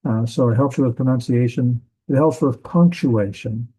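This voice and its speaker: A man's voice: mid-range voice, normal speed, warm tone, husky, low-quality recording. A man teaching a class on biblical language, explaining step by step with frequent fillers and restarts. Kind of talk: classroom lecture.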